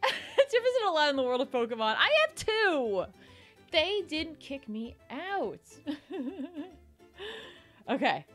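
A young woman from New Jersey hosts a casual gaming stream, giggling often as she chats with viewers and reads on-screen prompts aloud. Her voice sits high and bounces through a wide, lively range. Soft music plays underneath. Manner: giggly, chatty, thanks viewers and reads out tutorial text. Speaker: game streamer.

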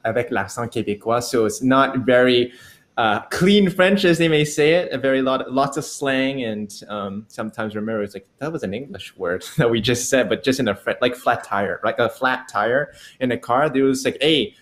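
A man's voice: mid-range voice, moderate pace. Chatty young Canadian man hosting. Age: young adult. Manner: chatty, animated, laughs easily. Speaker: host. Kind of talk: casual livestream interview.

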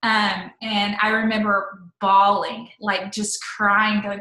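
A woman in her thirties, an interview guest telling a personal story in a chatty, animated way. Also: mid-range voice, takes it slowly. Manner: chatty, animated, full of "like" and quoted asides. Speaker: network marketing leader, interview guest. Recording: echoey room.

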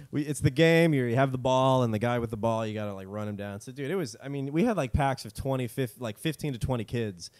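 A man's voice: mid-range voice, brisk, darkish tone. A young man co-hosting a comedy podcast, laughing often as he tells stories in casual chat. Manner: giggly storyteller, laughs often, playful voices in quotes. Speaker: podcast co-host.

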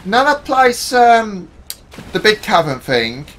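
A man's voice: high voice, sing-song, slow pace, a bit bright. A young man chatting while he plays a video game, rambling and hesitant but playful. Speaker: gaming channel co-host. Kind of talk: casual gameplay banter.

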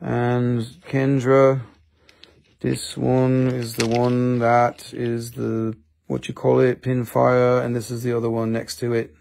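A man's voice: medium pitch, monotone, slow, creaky, darkish tone. A man hosting a live selling stream, bantering and joking with viewers.

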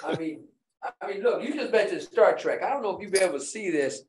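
A man's voice: high-pitched, lively intonation, a little fast. A man appearing as a podcast guest from his office, chatting in a friendly, playful way and laughing often. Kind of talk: casual interview chat.

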